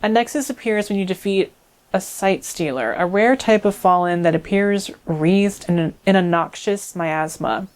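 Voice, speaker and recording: A woman's voice: medium pitch, moderate pace. A young adult woman giving casual let's play commentary, rambling and chatty with many fillers.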